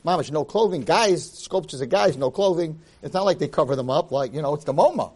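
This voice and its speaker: A man, a rabbi, giving a lively Torah class, acting out quotes and dropping Hebrew phrases into his English. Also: fairly high pitch, brisk, hardly any pauses. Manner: animated, acts out quotes and shouts for emphasis. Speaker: rabbi and teacher.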